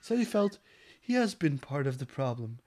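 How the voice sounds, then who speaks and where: A man's voice: medium pitch, sing-song, normal speed, darkish tone. A man co-hosting a crude comedy podcast, reading news articles aloud and breaking off into profane, sarcastic asides.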